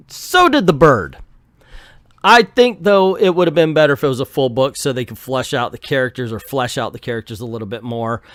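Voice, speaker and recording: A man's voice: a little high, fairly bright tone, dry recording, studio quality. A man hosting a casual comic book recap, narrating the story in a jokey, self-mocking way. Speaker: comic book channel host.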